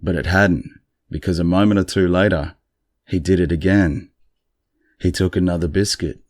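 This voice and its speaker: Male podcast host, very low voice, congested, casual dry storyteller, close dry sound. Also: moderate pace, no echo. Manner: relaxed, chatty, dryly amused. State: congested morning voice.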